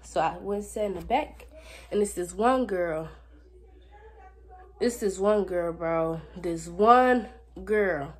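A woman's voice: on the low side, takes it slowly, pauses often. Sassy teenage girl telling a story. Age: teens. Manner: animated, sassy, talks straight to viewers. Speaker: vlogger. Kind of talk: casual storytime vlog.

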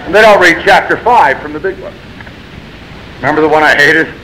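A man stands up at a recovery meeting and tells his own story, blunt and self-mocking, swinging between wry humor and exasperation. His voice is bright and sits a little high, with a faint hiss running under the recording. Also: fairly quick, low-quality recording. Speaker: AA speaker sharing his story. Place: meeting room.

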